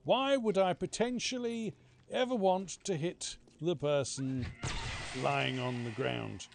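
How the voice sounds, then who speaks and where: Gravelly man, sarcastic gamer. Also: on the high side, slow pace, noisy background. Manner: chatty, sarcastic, talks to game characters, mock-panicked outbursts. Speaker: gaming streamer. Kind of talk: casual let's-play commentary.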